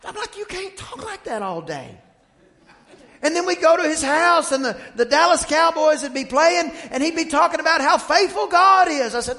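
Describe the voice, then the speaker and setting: A male pastor preaching a sermon, high-pitched and ringing. He moves from soft, measured talk to fervent, shouted storytelling. The sound carries the long reverb of a church hall. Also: expressive. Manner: builds from quiet to shouting fervor, storytelling. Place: church sanctuary.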